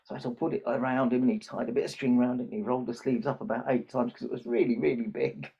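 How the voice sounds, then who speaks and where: An older man who plays Santa tells a children's story during a podcast interview, voicing the characters as he goes. His medium-pitched voice is gravelly with a breathy edge, fairly even in intonation, and quick. The podcast audio is muffled and lo-fi.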